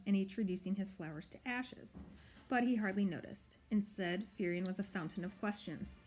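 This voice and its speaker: A woman narrating an audiobook in a measured, expressive storytelling way. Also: medium pitch. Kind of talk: audiobook reading.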